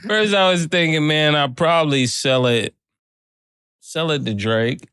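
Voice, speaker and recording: A man's voice: on the high side, measured pace, a bit bright, clear, resonant tone. A man asking teasing questions in a casual interview, drawing out his words.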